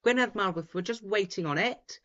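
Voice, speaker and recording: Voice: medium pitch, brisk, a bit bright. Host, chatty rambling results commentary from home, muffled lo-fi audio. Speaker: host of a live results stream. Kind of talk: casual live commentary. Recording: dull lo-fi sound.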